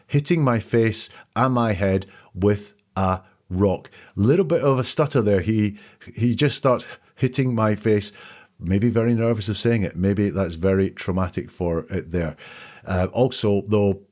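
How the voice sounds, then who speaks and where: A man hosting a podcast, calmly breaking down courtroom testimony and thinking aloud as he goes. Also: fairly low pitch, unhurried. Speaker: podcast host analyzing testimony. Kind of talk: analytical commentary.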